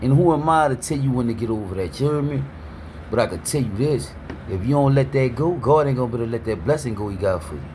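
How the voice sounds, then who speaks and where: A man speaking delivers a preachy street talk. He keeps asking "you heard me", stutters through restarts, and uses an average-pitched voice. A faint noise sits under the recording. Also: lively intonation, quick pace, a little mellow. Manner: repeats "you heard me" constantly, stammers on restarts. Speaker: motivational speaker.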